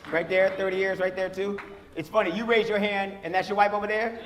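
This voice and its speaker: Holding a handheld mic on a club stage, a male comic does brash, punchy stand-up, chatting loudly with the audience. He speaks briskly in a high, flat voice, captured live amid audience laughter and room noise.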